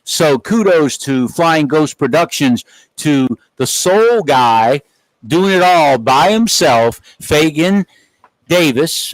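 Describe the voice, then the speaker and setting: A man's voice: medium pitch, dry recording, low-quality recording. Middle-aged play-by-play man, dry sound. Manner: chatty, folksy wrap-up with asides. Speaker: play-by-play announcer. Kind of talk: sports commentary.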